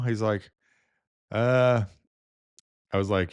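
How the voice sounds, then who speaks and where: A man with a very low voice tells his nursing stories in a loose, rambling way. He fills his talk with "uh" and "you know" and restarts often. The sound is close and dry. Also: fairly even intonation, normal speed, long pauses, dry recording. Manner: rambling, with many fillers and restarts. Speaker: nurse and video host. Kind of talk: casual storytelling.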